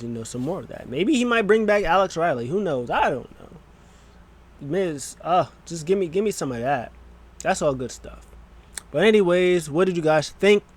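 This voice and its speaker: Young dude vlogging, hyped and rambly, kinda high voice. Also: male voice. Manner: excitable, rambling, puts on quick silly voices. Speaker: wrestling vlogger. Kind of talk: casual recap vlog.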